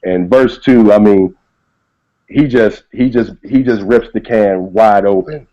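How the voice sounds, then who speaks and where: A man talking about hip hop in a relaxed way, often asking "you know what I mean". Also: on the low side, unhurried. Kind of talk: casual chat about hip hop lyrics. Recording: dull lo-fi recording.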